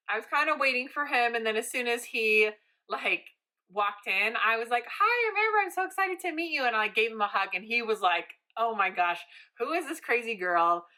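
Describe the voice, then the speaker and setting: A bright-voiced young woman talking casually to her audience. She rambles along in a lively way, often slipping into the voices of the people in her story. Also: medium pitch. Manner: chatty, animated, acts out quoted dialogue. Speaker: vlogger.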